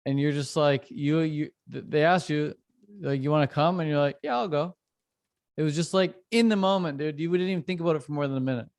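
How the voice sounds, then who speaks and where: A man's voice: a little high, fairly even intonation, fast, darkish tone. Friendly chatty male host. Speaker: podcast host. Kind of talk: casual chat.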